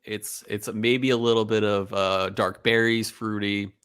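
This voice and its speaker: A man co-hosting a podcast, chatting casually through a whiskey tasting, relaxed and rambling with many ums and uhs. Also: fairly low pitch, measured pace, clear, resonant tone, no room sound. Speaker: podcast co-host.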